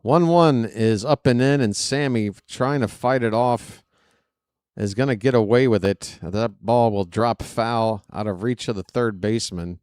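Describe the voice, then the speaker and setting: A man doing fan play-by-play commentary of a baseball game, excitable and prone to rambling asides between pitches. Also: a little slow, clear, resonant tone, dry recording, studio quality. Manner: excitable, shouts on big plays, rambling asides.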